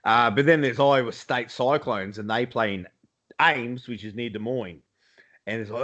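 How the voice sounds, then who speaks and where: Sweary Australian bloke chatting. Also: male voice, mid-range voice, normal speed, a bit bright, highs cut off. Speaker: podcast co-host. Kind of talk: casual chat. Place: home, lives in Iowa. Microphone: video call.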